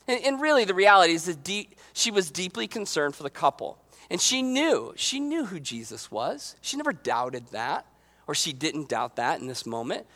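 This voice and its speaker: A man preaching a casual, joking sermon in an animated, conversational way. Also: fairly high pitch, normal speed. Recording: long hall reverb.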